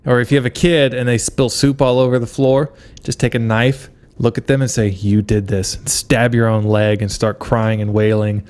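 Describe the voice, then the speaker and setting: Deadpan podcast co-host, man. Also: medium pitch, normal speed, hardly any pauses, smooth. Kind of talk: deadpan absurd comedy bit.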